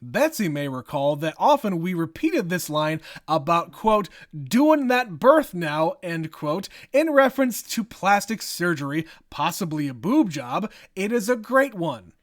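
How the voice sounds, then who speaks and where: A man's voice: sits high, sing-song, measured pace, few pauses. A man co-hosting a casual podcast, reading listener email aloud and laughing often. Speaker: podcast co-host.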